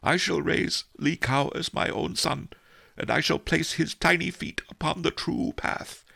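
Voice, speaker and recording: A man's voice: a little high, steady tone, a little slow, creaky, sharp tone, breathy edge, dry recording, clean studio sound, voice pushed up, full character voice. A man reading an audiobook, voicing a pious elderly male abbot who speaks formally through tears. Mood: solemn tearful. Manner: solemn, formal blessing speech. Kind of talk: audiobook character voice.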